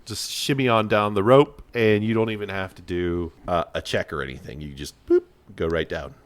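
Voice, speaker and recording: Deep-voiced man running a tabletop game. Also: normal speed. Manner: relaxed, playful. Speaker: dungeon master.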